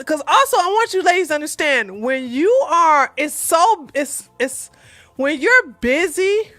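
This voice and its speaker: Blunt, bright high-voiced woman. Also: dry recording. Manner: blunt, emphatic, repeats points; plain-spoken, slangy. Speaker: relationship advice vlogger. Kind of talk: casual advice talk to viewers.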